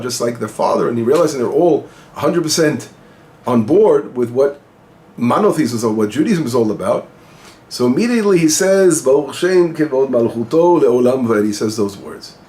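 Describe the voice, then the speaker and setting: Here a rabbi speaks at a medium pitch with a slightly mellow quality. His informal lesson on the weekly Torah portion moves through Hebrew phrases, translating each, while he asks himself questions and supplies the answers.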